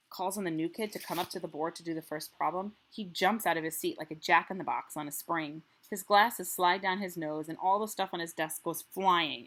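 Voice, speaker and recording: A woman teacher reading a children's novel aloud and pausing to ask the class questions, checking in with "right?" as she goes. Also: fairly low pitch, sharp tone.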